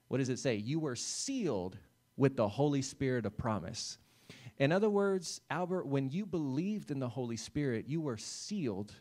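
A man's voice: mid-range voice, lively intonation, normal speed, a little mellow. Male pastor, midweek sermon; casual, talky delivery, lots of "right?" and "amen," speaks straight to the congregation. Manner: conversational preaching, addresses listeners by name, frequent "right?" and "amen". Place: church service.

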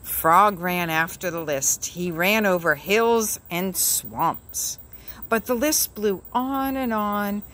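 A woman reading a children's book aloud in a slow, expressive storytelling manner. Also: mid-range voice.

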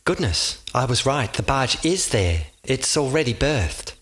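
A man's voice: medium pitch, big pitch swings, measured pace, fairly bright tone. A man voicing a polite, proper male animal hero who talks in a prim, slightly weary way.

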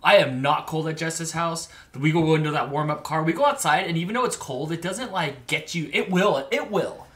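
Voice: medium pitch, a little fast, few pauses, fairly bright tone. A vlog co-host chatting casually at home, teasing and joking with frequent laughs. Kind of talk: casual chat.

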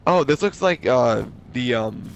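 Gravelly, hoarse young man. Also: medium pitch, animated, slight background noise. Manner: halting, restarts words, laughs often. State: hoarse from a sore throat. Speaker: co-host playing a video game. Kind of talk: casual gameplay chat.

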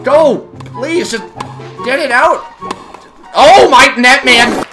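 A gaming channel host giving excited let's-play commentary and often yelling at the game. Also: high-pitched, slow pace. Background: game music.

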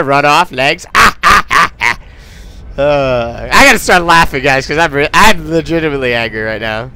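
A man's voice: fairly high pitch, vocal fry, bright, forceful tone, no room sound. A man commentating on his gameplay in a casual, frustrated and sarcastic way, swearing often. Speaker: let's play commentator.

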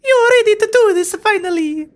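A woman reading a tough young female gang leader from a video game in a squeaky put-on falsetto, halting with fillers. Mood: earnest.

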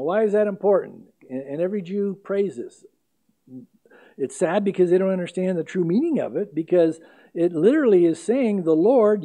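A man preaching an expository sermon as pastor, speaking emphatically and slowing down to stress scripture readings. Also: high-pitched, warm tone.

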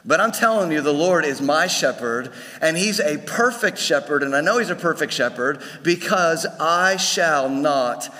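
A man's voice: on the high side, expressive, normal speed, few pauses, bright, forceful tone. A male pastor preaching a sermon to his congregation in a conversational way, often restarting his phrases. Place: church sanctuary. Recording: long hall reverb.

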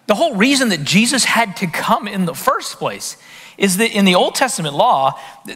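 A man preaching with a high, bright, sharply ringing voice that leaps up and down as he drives his points home. He fires rhetorical questions at the congregation. His words carry a long reverb from a large hall. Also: husky. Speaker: pastor. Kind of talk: sermon.

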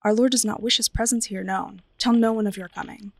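A woman's voice: medium pitch, steady tone, a little fast, vocal fry. A woman voicing a stern old female attendant in a storybook reading, speaking in a formal, commanding way.

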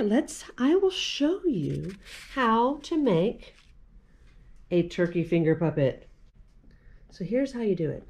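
Animated woman reading to children. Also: on the high side. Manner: animated, sing-song, addressing kids. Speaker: children's librarian. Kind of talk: reading picture books aloud to children.

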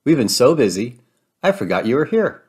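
A man's voice: mid-range voice, very animated, moderate pace, slightly rough. A man doing sweet cheerful Minnie Mouse. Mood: upbeat. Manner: upbeat, encouraging.

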